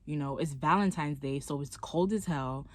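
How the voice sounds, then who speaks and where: A woman's voice: deep voice, moderate pace. Chatty young woman telling a story. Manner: animated, chatty storytelling with lots of "like". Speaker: vlogger. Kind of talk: casual storytime.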